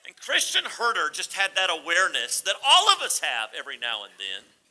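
A man's voice: sits high, huge pitch swings, fairly quick, sharp tone, rough recording. A man in his forties preaching a sermon in a conversational, humorous storytelling manner. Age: 40s. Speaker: pastor.

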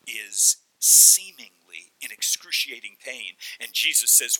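A man preaching a sermon, telling the story in an animated way and acting out the voices as he goes. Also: medium pitch, a little slow, few pauses, poor audio. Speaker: pastor.

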